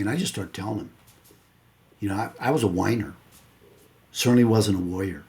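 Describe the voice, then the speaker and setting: A man, a coach, tells a personal story as a motivational talk, fairly quick in pace. He stays earnest throughout, lowering and softening his voice to recount the hard moments.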